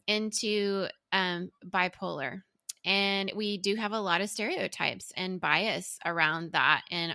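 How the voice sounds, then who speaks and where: A woman hosting a podcast, who asks thoughtful, measured questions with fillers. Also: fairly low pitch, sharp tone, dry recording. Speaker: podcast host. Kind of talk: conversational interview.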